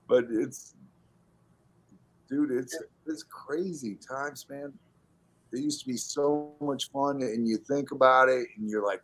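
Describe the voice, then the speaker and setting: A man in casual chat telling long animated stories, acting out the voices of the people in them and laughing often. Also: mid-range voice, a little slow, pauses often. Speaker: podcast guest telling stories.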